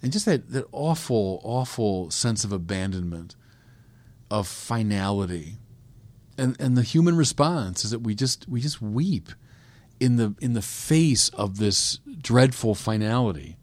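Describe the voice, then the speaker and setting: A man preaching a sermon, swinging from quiet reflection to loud emphatic peaks. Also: lowish voice, lively intonation, a little slow. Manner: reflective, with small restarts and hesitations. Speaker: priest preaching.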